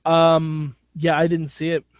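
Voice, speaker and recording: A man co-hosting a casual podcast chat over a video call, jokey and teasing, swinging between loud bursts and quiet asides. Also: a little high, monotone, measured pace, clean tone, no echo, lo-fi sound. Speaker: co-host.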